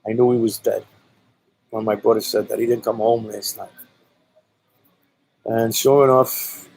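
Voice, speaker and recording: In casual spoken storytelling, a man from Brooklyn, New York with a Brooklyn accent rambles bluntly and profanely, dropping plenty of "you know"s. His voice is gravelly at medium pitch, and the rough recording has a little hiss or hum.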